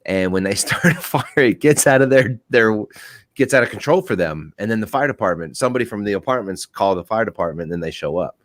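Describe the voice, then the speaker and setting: A man with a lowish voice tells work stories in a loose podcast chat, animated and quick to laugh. The sound is dry and close, with no room behind him. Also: dry recording. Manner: laughing, animated storyteller who acts out voices. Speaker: police officer and apartment courtesy officer.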